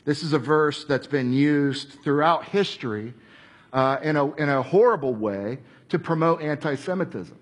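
At a moderate pace, a high-voiced, husky man gives a sermon, recounting the story with animation and mimicking the people whose words he repeats.

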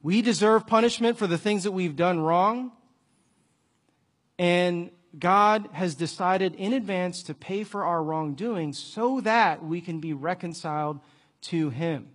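A man preaching a sermon and telling an illustrative story, earnest, often dropping to a soft, hushed voice. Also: high-pitched, measured pace.

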